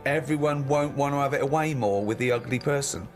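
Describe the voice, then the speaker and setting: A man's voice: mid-range voice, a little fast, over music. A man chatting on a comedy podcast, teasing and asking probing questions. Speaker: podcast co-host. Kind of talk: casual comedic chat.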